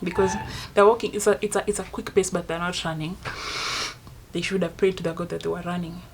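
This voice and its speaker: A woman's voice: fairly low pitch, level tone, quick pace, a little hiss or hum. Dramatic young Kenyan woman telling a story. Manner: dramatic storytelling, swinging between loud outbursts and hushed asides. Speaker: vlogger. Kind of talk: casual storytime monologue.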